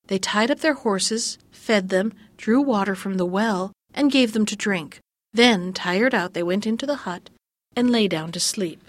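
A woman narrating a fairy tale in a measured, gently expressive storytelling voice. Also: medium pitch, no echo.

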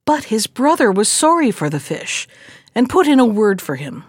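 Animated woman librarian telling a story. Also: fairly high pitch, moderate pace, dry recording, clean studio sound. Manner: expressive, animated. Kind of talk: storytelling read-aloud.

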